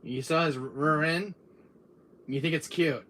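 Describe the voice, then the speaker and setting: A man live-streaming casual chat, exasperated and laughing, with loud outbursts. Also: a little high, steady tone, unhurried.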